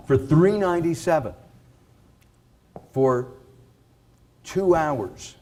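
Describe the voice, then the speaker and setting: Man giving an animated sales pitch, slowly. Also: slight background noise. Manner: animated, conversational, with filler words and restarts. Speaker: video and speaking coach. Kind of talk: live sales pitch to an audience.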